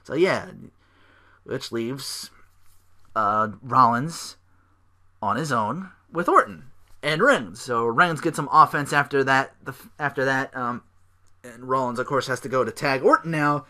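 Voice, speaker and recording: Rambling, bright-voiced podcast host man. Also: mid-range voice, unhurried. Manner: rambling, profane, lots of fillers. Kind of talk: casual solo podcast recap.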